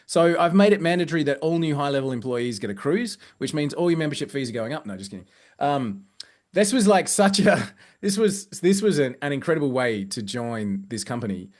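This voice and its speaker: An Australian man who works as a company's growth director tells casual anecdotes in a lively, chatty manner, full of fillers and restarts. His voice sits a little high and he talks a little fast.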